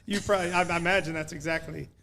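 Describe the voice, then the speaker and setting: A man's voice: fairly high pitch, fairly even intonation, racing, gravelly, sharp tone, slight background noise. A man hosting a podcast, chatting casually and teasing his guest with a ready laugh. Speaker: podcast host. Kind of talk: casual chat.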